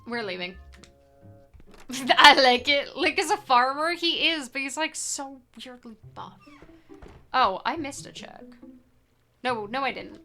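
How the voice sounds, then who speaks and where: A young woman talks over her gameplay in a bright, slightly high voice, unhurried and rambling with plenty of "like" as she goes. Her tone is playful and casual, with faint game music under her voice. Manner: playful, rambling, lots of filler "like". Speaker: streamer playing a randomized adventure game.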